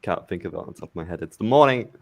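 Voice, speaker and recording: A man's voice: deep voice, expressive, very fast, vocal fry, no room sound. A British man chatting casually as a guest on a live stream, laid-back and hesitant. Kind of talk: casual chat.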